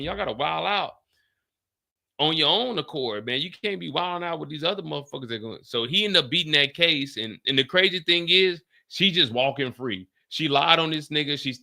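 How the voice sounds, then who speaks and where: A man in his late thirties hosting a livestream, telling a story in a casual, animated and profane way and talking straight to his chat. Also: fairly high pitch, creaky. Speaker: livestream host.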